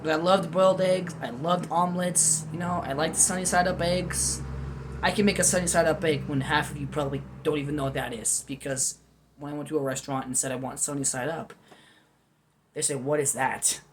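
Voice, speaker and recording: A man's voice: on the high side, fairly even intonation, brisk, noisy background. A man talking freely and without a script as he reviews food at home, wandering from topic to topic with candid, goofy asides. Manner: rambling, candid, self-deprecating, goofy asides. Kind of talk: unscripted casual commentary.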